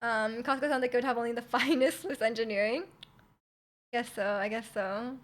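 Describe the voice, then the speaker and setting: Young woman streamer from Canada, high voice, casual rambling chat full of fillers and giggles. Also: steady tone, normal speed. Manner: rambling, many likes and ums, giggly.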